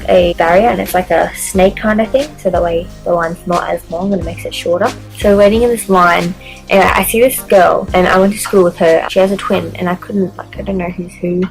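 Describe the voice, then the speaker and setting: A woman's voice: fairly low pitch, darkish tone, low-quality recording. A young woman casually telling a story-time vlog, chatty and swearing a lot as she acts out what people said. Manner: chatty, swears often, reenacts dialogue. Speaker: vlogger.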